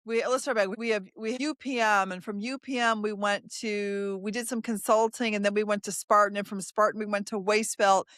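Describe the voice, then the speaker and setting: A woman's voice: mid-range voice, fairly even intonation, a little fast, few pauses, fairly bright tone, no room sound, studio quality. Woman host thinking aloud while reminiscing. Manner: reminiscing, thinks aloud, asks follow-up questions. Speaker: podcast host. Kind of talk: casual conversation.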